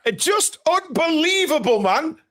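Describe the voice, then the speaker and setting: A man with a notably high voice commentates a live match for fans. He is excitable, bursting into shouts and swearing at every twist of the game. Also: a little slow. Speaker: fan channel host. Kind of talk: live football watchalong commentary.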